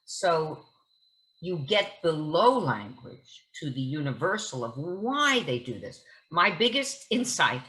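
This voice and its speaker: A woman's voice: sits low, sing-song, takes it slowly, a bit bright, poor audio. A woman actress as a guest at a book talk, telling stories in a vivid, theatrical way. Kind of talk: onstage conversation at a book talk.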